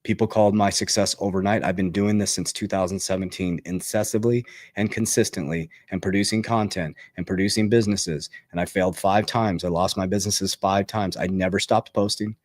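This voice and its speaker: Man, finance host, motivational talk, emphatic, repetitive, fired up, lowish voice, dry close sound. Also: fairly even intonation, fairly quick, few pauses, darkish tone, dry recording. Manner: emphatic and repetitive, keeps asking "okay?"; gets fired up, pitch jumps on punchlines. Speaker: crypto and investing channel host.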